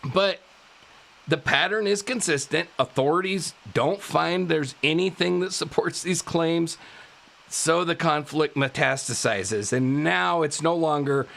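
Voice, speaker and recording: A male podcast host telling a true-crime story in a casual way, animated, laughing often and tripping over his words. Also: on the high side, measured pace, gravelly. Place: live podcast studio.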